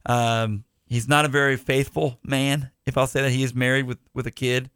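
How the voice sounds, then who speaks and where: A man's voice: medium pitch, level tone, normal speed, fairly bright tone, smooth, dry recording, studio quality. A man hosting a podcast in casual chat, rambling with restarts and side jokes. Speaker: podcast host.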